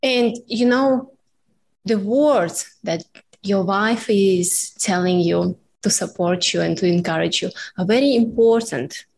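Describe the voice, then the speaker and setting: A woman's voice: medium pitch, takes it slowly, vocal fry, darkish tone, slight background noise. A woman hosting a podcast interview, affirming her guest and asking long, framing questions. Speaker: podcast host.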